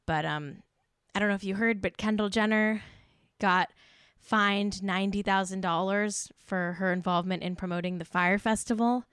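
A woman hosting a comedic gossip show, trading sarcastic jabs for mock-solemn, hushed asides. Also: medium pitch, fairly even intonation, normal speed, clear, resonant tone, dry recording, studio quality. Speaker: host.

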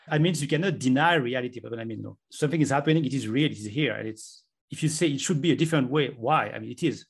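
A man's voice: medium pitch, fast, husky. A man who is an author, explaining his ideas earnestly in a conversational interview. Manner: earnest, explanatory, talks himself through examples. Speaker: author and guest.

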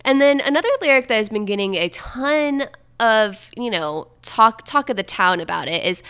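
A woman's voice: a little high, expressive, moderate pace, fairly bright tone, clean tone. A young woman hosting a podcast, chatting playfully and reading quotes aloud. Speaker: podcast host. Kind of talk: casual chat.

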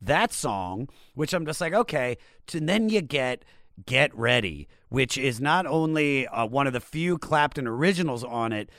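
Male host, eager and chatty, mid pitch, dry close-mic sound. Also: big pitch swings, moderate pace, a bit bright, no echo. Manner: enthusiastic, chatty. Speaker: podcast host. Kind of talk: casual podcast conversation.

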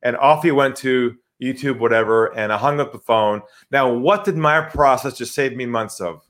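A man's voice: mid-range voice, moderate pace. A man, a sales trainer, answering interview questions by telling vivid stories and acting out phone calls. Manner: animated storyteller, acts out phone calls.

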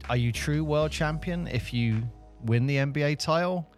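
A man's voice: a little high, moderate pace, soft background music. A man with a British accent co-hosting a podcast in casual chat, rambling with fillers and restarts. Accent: British English. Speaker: podcast co-host.

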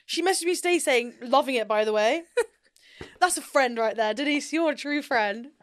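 A woman co-hosting a podcast in casual chat, bubbly and quick to swear and laugh. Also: sits high, no echo, clean studio sound. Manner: bubbly, swears a lot, bursts into loud laughter. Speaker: podcast co-host.

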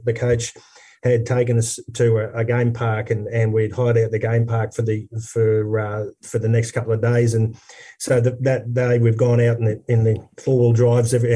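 An Australian man, a former rugby player, telling a lively story in casual conversation with many restarts. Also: mid-range voice, recorded from a distance. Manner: animated anecdote teller, many restarts.

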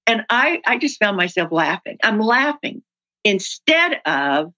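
A woman's voice: mid-range voice, unhurried, rough recording. A woman guest who trains people in workplace communication, telling stories in a conversational interview and acting out example dialogue. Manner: animated storyteller who acts out example dialogue.

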